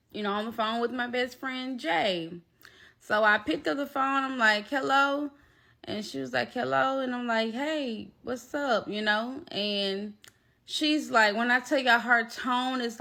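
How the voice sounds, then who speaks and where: Animated woman telling a story. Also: on the high side, vocal fry. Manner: animated, emphatic, addresses viewers directly. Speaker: storytime vlogger. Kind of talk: storytime vlog.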